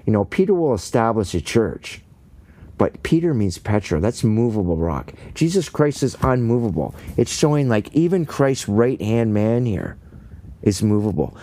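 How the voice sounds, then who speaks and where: A man with a fairly low voice leads a homespun Bible study podcast. He reads scripture, then explains it in plain, folksy talk with joking asides. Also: warm tone. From Canada. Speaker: podcast host and lay preacher. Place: rural home, indoors.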